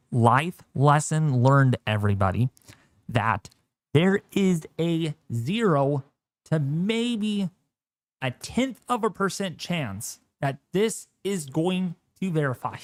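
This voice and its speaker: A man hosting a live weather stream, giving animated, jokey commentary full of exclamations. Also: fairly high pitch, dry recording, clean studio sound.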